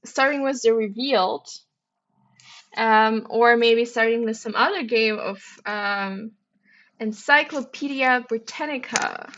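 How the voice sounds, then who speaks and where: Bright-voiced woman chatting on a livestream. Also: a little high, takes it slowly, dull audio. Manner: musing aloud, playful, chatty. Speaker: livestream host solving puzzles. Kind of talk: casual livestream chat.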